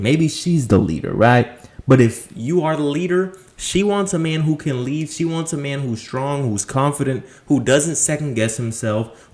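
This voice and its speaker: A man's voice: mid-range voice, a little mellow. Blunt, profane male dating coach. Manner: blunt, profane, preachy with rhetorical questions; punchy emphatic delivery. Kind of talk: motivational monologue to camera.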